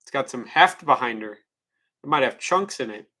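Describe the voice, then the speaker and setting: Male streamer, bright tense tone, loose profane rambling talk to his viewers. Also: medium pitch, lively intonation, normal speed, a little hiss or hum. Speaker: livestreamer. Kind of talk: casual livestream chat.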